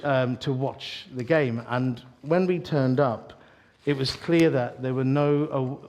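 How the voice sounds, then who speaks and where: Joking preacher telling stories. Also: male voice, mid-range voice. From East London. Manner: animated, joking storyteller with asides to the audience. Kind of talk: sermon.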